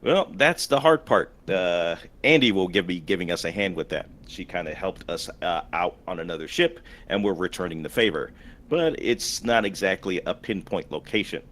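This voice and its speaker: A man's voice: low voice, animated, normal speed, fairly bright tone. A man role-playing a ship captain in a tabletop game, giving orders in a hesitant way with lots of fillers. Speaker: player acting as ship captain. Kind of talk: in-character role-play.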